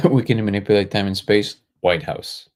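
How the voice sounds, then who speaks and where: Male livestream host, slightly low pitch, easygoing, thinks aloud while answering chat. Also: normal speed. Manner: relaxed, thinks aloud, joking asides. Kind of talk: casual live chat answering viewer comments.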